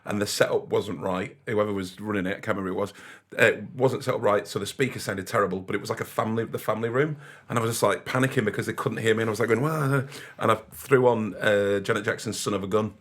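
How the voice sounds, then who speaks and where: A man chats casually as a podcast guest. His voice is bright and forward with a husky grain, and he laughs through his stories and bursts into loud impressions of the people in them. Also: on the low side, steady tone, fast. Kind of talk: casual anecdotal chat.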